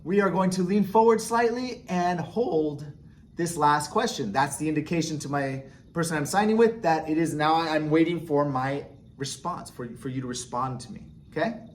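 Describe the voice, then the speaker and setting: A man with a fairly high-pitched voice explains signs to learners one step at a time. He talks patiently and pauses often to check in with a quick "okay?" before moving on. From United States. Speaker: sign language teacher. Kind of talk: instructional explanation.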